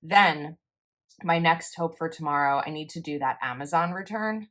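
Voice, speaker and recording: A planner vlogger, this young woman has a low, somewhat bright voice and talks at a moderate pace. She rambles a little through her planner in a chatty, self-correcting voice-over as she plans.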